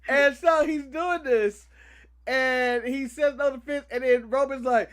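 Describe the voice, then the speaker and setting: Excitable man with a high voice. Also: unhurried. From United States. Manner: excited storytelling, laughs, shouts out quotes. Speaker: co-host. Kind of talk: casual podcast chat.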